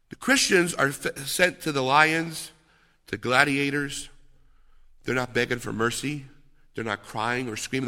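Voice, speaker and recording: A man preaching, his voice bright and slightly high for a man. He tells his stories with animated asides, often checking in with "okay?". The sound carries a long reverb, as in a large church hall. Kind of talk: sermon.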